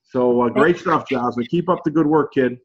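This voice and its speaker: A man's voice: mid-range voice, moderate pace, dull audio. Chatty encouraging male group coach. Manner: chatty, encouraging, heavy on fillers. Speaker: group coach leading a call. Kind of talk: casual group coaching talk.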